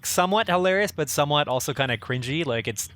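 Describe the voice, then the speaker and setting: A man's voice: fairly high pitch, fast. A Canadian man co-hosting a podcast, chatting casually, with sentences that rise at the end. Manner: relaxed, rising ends of sentences. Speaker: podcast co-host. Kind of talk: casual chat.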